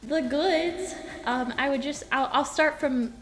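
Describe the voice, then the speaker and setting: Bubbly, giggly female VTuber streaming from home; light, high voice, playful chat. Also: steady tone, moderate pace, fairly bright tone, faint music behind. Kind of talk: casual live-stream chat.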